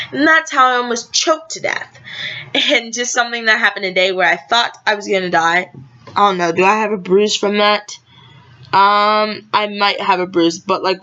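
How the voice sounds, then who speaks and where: A woman's voice: medium pitch, bright, forceful tone, dull audio. A teenage girl vlogging, telling a story to camera in a rambling, chatty way, correcting herself and talking to her viewers. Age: teens.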